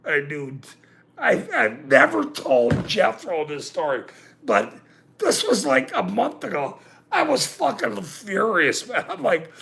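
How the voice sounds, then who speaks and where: A man's voice: high voice, huge pitch swings, takes it slowly, vocal fry, fairly bright tone, slight background noise. A man hosting a livestream, ranting and laughing, swearing often, insistent and repeating himself while he reacts to the chat. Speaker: livestream host. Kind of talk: casual livestream rant.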